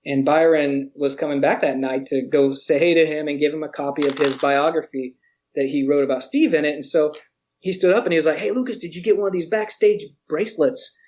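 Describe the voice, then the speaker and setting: A man telling a lively story in an interview, acting out what people said and laughing often. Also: fairly high pitch, a little fast, highs cut off. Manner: animated storyteller, acts out quotes, laughs often. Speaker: interview guest, museum educator.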